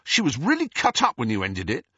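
A man reading an angry, protective young man in an audiobook, voicing him loud, high and heated. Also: wildly swooping pitch, fairly quick, slightly rough, dry recording, exaggerated voice. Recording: dull, slightly muffled audio.

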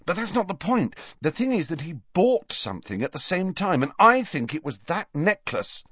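A man doing an earnest teenage boy, urgent and a bit raised in pitch. His lines come out hot and pressing, on a dry, slightly dull recording. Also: very animated, normal speed, fairly bright tone, breathy edge, no room sound, heavily acted. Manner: urgent, angry.

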